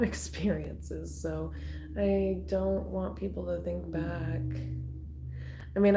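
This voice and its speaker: Slow, mellow-voiced woman chatting with her chat. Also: deep voice, a little hiss or hum. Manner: chatty, rambling, swears casually, talks to chat by name. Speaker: tarot livestream host. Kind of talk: casual livestream chat with viewers. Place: small studio apartment.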